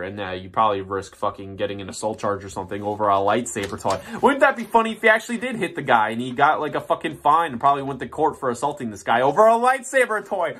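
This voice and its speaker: A man's voice: fairly high pitch, a bit bright. A man reading a list in a mocking, profane rant, with rambling asides and restarts. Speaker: commentary YouTuber. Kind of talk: ranting commentary.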